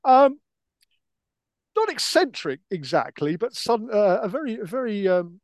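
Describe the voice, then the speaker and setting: A man's voice: high voice, sing-song, measured pace, darkish tone, dry recording. An older man from Britain, a historian co-hosting a podcast, telling archive anecdotes in a hesitant, restarting way. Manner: hesitant, many restarts and fillers. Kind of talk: casual anecdotal chat.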